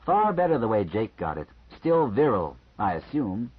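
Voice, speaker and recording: A man reading an audiobook, voicing a calm male doctor who explains things frankly and matter-of-factly. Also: lowish voice, husky. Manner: measured, matter-of-fact explaining. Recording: slightly muffled lo-fi recording.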